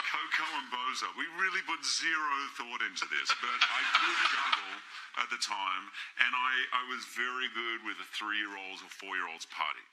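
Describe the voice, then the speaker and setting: Guy telling a funny story on a talk show, lively voice, lots of noise behind. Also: medium pitch, normal speed. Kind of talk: casual anecdote telling. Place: TV studio.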